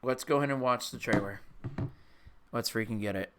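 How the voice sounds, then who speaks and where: A man's voice: mid-range voice, a little fast, noisy background. A young man streaming live, talking casually to his chat in an emotional, rambling way, often saying dude. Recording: clear music playing behind. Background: music playing.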